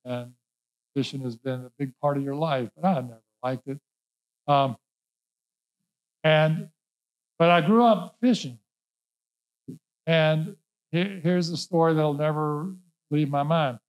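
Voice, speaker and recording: A man's voice: a little high, slow pace, long pauses, poor audio. A male pastor preaching a sermon, emphatic and folksy, repeating key words and mixing in casual asides. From Norfolk, Virginia.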